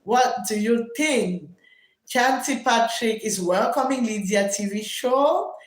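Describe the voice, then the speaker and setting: A woman teacher hosting a live stream, reading viewer comments aloud in a loud teacher's voice and repeating her phrases. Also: fairly high pitch, takes it slowly, echoey room, low-quality recording.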